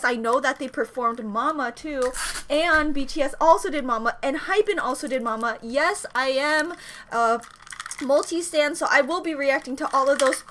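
A young woman chatting excitedly at home as a reaction vlogger, flustered and rambling, often restarting her sentences. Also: high-pitched. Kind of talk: excited casual vlog chat. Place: home room.

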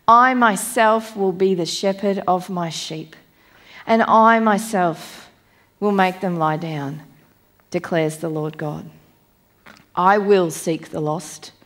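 A woman preacher giving a sermon, reading scripture aloud in a measured, emphatic way and slowing down on key phrases. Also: medium pitch. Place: church.

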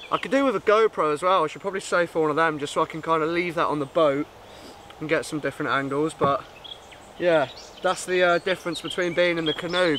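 Easygoing outdoorsman vlogging to camera, slightly high voice, laughs at himself a lot. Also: fairly bright tone, slight background noise. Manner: chatty, laughs often, self-mocking. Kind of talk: casual talk to camera. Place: outdoors by a river and in woods.

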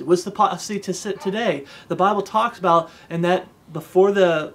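A man's voice: high-pitched, normal speed, fairly bright tone. A man giving an informal devotional sermon in an earnest, conversational way, reciting old-style scripture and often checking in with his listeners. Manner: recites King James scripture aloud. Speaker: preacher.

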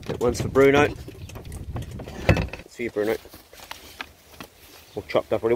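A man's voice: medium pitch, moderate pace, pauses often, a little hiss or hum. A middle-aged man with a New Zealand accent, a farmer and pig hunter who chats casually on his vlog and coaxes his dogs fondly outdoors on the farm. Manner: talks fondly and coaxingly to his dogs, relaxed and chatty. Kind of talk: casual vlog talk while tending dogs. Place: outdoors on a rural farm by the dog kennels.

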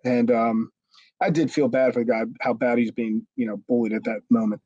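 Guy rambling a wrestling story, mid pitch, dry dull audio. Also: steady tone, fairly quick, warm tone, husky, dry recording. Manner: rambling, with lots of restarts. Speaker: former wrestler. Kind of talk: storytelling interview.

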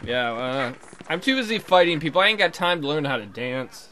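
A man's voice: on the high side, fairly quick. A man giving casual, profane, sarcastic commentary while playing a video game. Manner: swears a lot, excitable, sarcastic. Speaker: let's play gamer.

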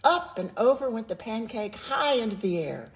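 A woman reading a children's picture book aloud in a slow, expressive storytelling manner. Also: on the high side. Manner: slow, expressive, sing-song.

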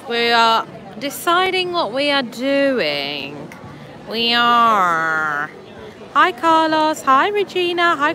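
Bright, slow-talking woman livestream host, chatty greeter, phone mic outdoors with a faint crowd. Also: a little high. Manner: greets viewers by name, laughs and teases. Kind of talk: casual livestream chat. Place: outdoors at a theme park.

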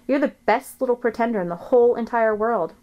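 A woman's voice: a little high, a little fast, darkish tone, lo-fi sound, pitched above the performer's own voice, close to an everyday voice. A woman voicing a cheerful father in a storybook who encourages his daughter. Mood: encouraging.

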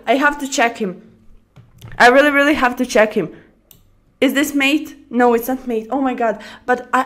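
A young woman chatting casually about her day while playing blitz chess, rambling through stories and bursting out excitedly over her moves. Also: high voice. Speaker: chess streamer.

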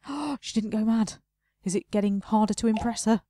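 A woman's voice: fairly high pitch, a little fast, mellow, no room sound, clean studio sound. A young woman casually commenting on her own gameplay, chatty and self-mocking, talking to herself as she plays. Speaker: let's play host.

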